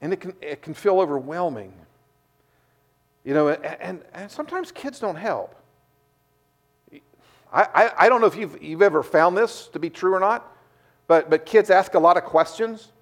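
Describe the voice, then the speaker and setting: A middle-aged male pastor delivers a sermon with a fairly high voice. He often repeats words as he restarts a phrase. He tells his stories with lively energy. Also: moderate pace, long pauses.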